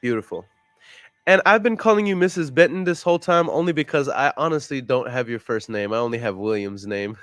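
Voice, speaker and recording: A man's voice: mid-range voice, a little fast, a bit bright, dry recording, clean studio sound. A man hosting a casual vlog, talking upbeat and polite on a sales call, then joking with a friend. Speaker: real estate investor and vlog host. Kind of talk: casual phone call and chat.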